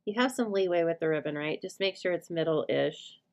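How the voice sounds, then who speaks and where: Brief: middle-aged woman host, low gravelly voice, casual step-by-step craft teaching. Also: normal speed. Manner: chatty, teaching step by step, breaks off to talk to her dog. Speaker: host of live stamping show. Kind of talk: live crafting demonstration.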